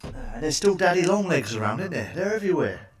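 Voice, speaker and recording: A man's voice: on the high side, sing-song, a little fast, distant mic. A man doing crude stand-up one-liners, swearing a lot and asking the listener for agreement. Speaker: stand-up comedian.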